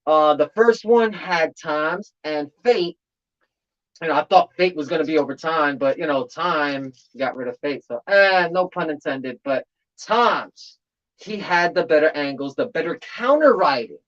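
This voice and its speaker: A man in casual commentary on a battle rap tournament, talking in an animated way and repeating phrases for emphasis. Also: on the high side, unhurried. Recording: slightly dull lo-fi audio.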